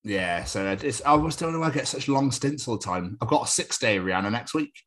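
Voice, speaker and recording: A man's voice: mid-range voice, expressive, fairly quick, a bit bright. A young man, co-hosting a podcast in casual chat, jokey and rambling. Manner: chatty, jokey, slips into silly put-on voices. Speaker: podcast co-host.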